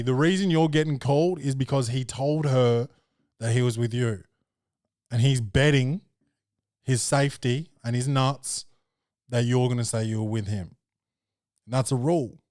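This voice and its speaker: A man's voice: medium pitch, steady tone, normal speed, pauses often, a little mellow, no room sound, studio quality. A young man, a podcast host and comedian, chatting casually in a loose, slangy, jokey way.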